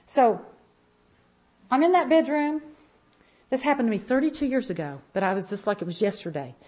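A woman's voice: a little high, lively intonation, normal speed, darkish tone. Woman in her fifties telling her testimony at church, emphatic, keeps repeating herself for effect. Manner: emphatic, repeating phrases, vivid storytelling. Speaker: speaker giving a testimony.

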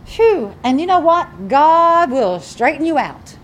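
A woman preaching a sermon in an animated, emphatic way, often repeating her phrases. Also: high voice, takes it slowly.

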